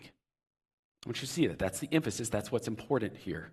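A pastor preaching a sermon, earnestly and with repetition, rising to loud emphasis and dropping to soft, low asides. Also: male voice, expressive, moderate pace, husky.

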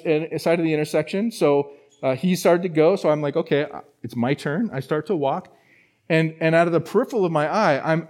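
A man, a pastor, preaching a sermon and telling a personal story, with frequent restarts. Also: on the high side. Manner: storytelling, animated with many restarts. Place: church.

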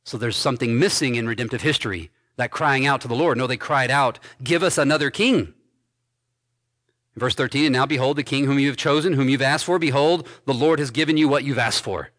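A man pastor preaching an expository sermon, reading scripture aloud and commenting on it with emphatic stresses and quiet endings. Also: medium pitch, fairly quick. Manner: emphatic preaching, swinging between loud stresses and dropped soft endings.

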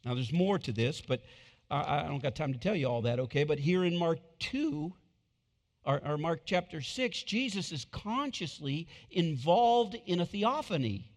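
Male pastor, sermon, hushed then loud excited bursts, body mic, long church reverb. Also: a little high, normal speed. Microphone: wireless body mic.

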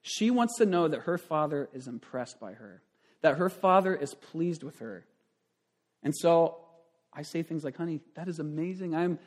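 A man in his thirties, a pastor giving a conversational sermon with frequent asides and restarts. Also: a little high.

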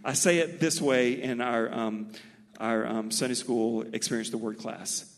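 A man from Mobile, Alabama with a Southern accent, preaching a sermon as pastor with animated, folksy storytelling. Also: mid-range voice, measured pace, big-room sound.

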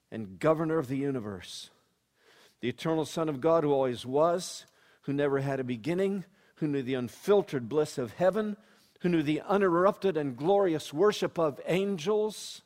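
A man preaching a sermon, dropping to a hushed storytelling voice and then rising to loud, emphatic proclamation, with slow, deliberate scripture reading. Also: a little high. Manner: reads scripture slowly and deliberately.

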